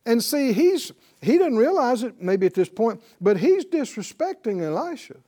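High-voiced, lively male Bible teacher. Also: normal speed. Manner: animated storytelling, chuckling often.

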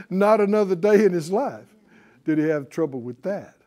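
A man preaching a sermon as pastor, animated and asking the congregation rhetorical questions. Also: high-pitched, a little slow.

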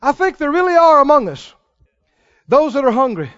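Preacher, male, very high voice, slow deliberate delivery, dull lo-fi sound. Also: sing-song, in a large hall. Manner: preaching with dramatic swings between loud and hushed. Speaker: pastor. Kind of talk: sermon. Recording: dull lo-fi sermon recording.

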